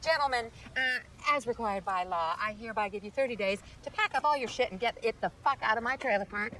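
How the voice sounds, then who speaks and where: An actress playing a cold, gloating trailer park landlord in a TV comedy. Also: female voice, fairly high pitch, quick pace, a bit bright, lightly acted. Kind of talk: TV comedy acting. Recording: noisy background.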